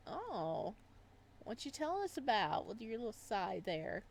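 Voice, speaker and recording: A woman's voice: a little high, big pitch swings, measured pace, vocal fry. A woman playing a visual novel and commenting casually, laughing often and joking sarcastically. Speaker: gamer. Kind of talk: let's play commentary.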